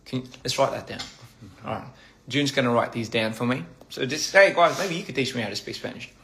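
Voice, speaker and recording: Man on a meal livestream, bright voice, playful and laughing, faint clatter of dishes. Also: medium pitch, animated, fairly quick, a little hiss or hum. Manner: playful, laughing, stumbling over foreign phrases. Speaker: livestream host. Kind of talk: casual livestream chat. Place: indoors at a meal. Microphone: phone livestream.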